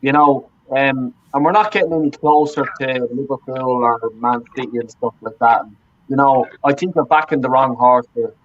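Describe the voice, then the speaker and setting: Male panelist, higher voice, heated and profane, dull lo-fi audio. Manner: profane, ranting, repeats himself. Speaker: fan panelist. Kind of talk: heated football fan panel chat.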